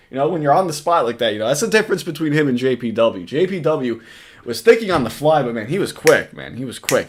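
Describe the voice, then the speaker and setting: Man doing reaction commentary, lively swooping voice, laughs a lot, swears, casual. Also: mid-range voice. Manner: casual, laughing often, profane, repeats clips in mock voices. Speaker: commentary host.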